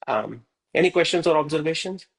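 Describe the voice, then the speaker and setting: A man's voice: a little high, animated, a little fast, poor audio. Patient male teacher. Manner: patient, checks in often with "right?" and "okay?". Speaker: Hindi teacher. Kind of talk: live online class.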